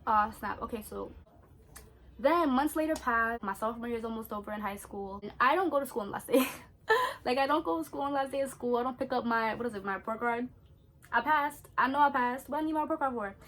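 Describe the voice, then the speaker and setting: A young woman, chatting in an animated, slangy way as she tells a story during her skincare routine. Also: a little high, fairly quick. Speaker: beauty vlogger.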